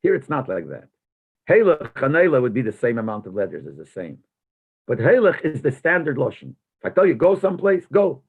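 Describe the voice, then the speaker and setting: A man's voice: medium pitch, very animated, brisk, vocal fry, slightly rough. A rabbi teaching a text-study class. He reads a phrase aloud, then translates and explains it, posing questions as he goes. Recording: tinny phone-like lo-fi recording.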